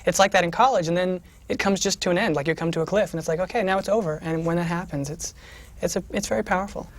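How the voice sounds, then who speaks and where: Fast-talking reflective man. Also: high-pitched. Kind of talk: interview reflection.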